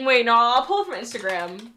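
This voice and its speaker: A woman's voice: a little high, sing-song, a little fast, background noise. A young woman streamer chatting casually with her viewers, often laughing and apologizing as she reads chat.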